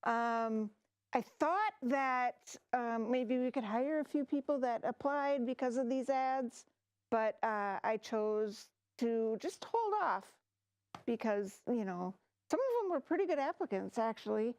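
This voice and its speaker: A woman's voice: on the high side, lively intonation, a little slow, a little mellow, dry recording. An improv performer in a TV studio playing a hesitant female office manager who fills her talk with ums. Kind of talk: improv comedy scene.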